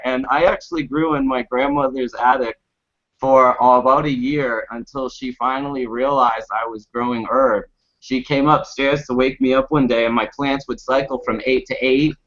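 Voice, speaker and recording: Bright, animated man telling a funny story. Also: mid-range voice. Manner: animated, laughing anecdote with acted quotes. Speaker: panel guest. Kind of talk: casual storytelling. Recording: muffled lo-fi recording.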